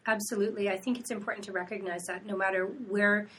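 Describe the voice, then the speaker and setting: A woman who directs a writing center, explaining ideas in a measured, steady way during a casual academic conversation. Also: medium pitch, distant mic.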